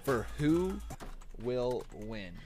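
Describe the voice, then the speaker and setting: A young man from Canada hosting a live stream, chatting casually with viewers and breaking into loud excited shouts. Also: medium pitch, drawn-out words. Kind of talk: live-stream reaction chat.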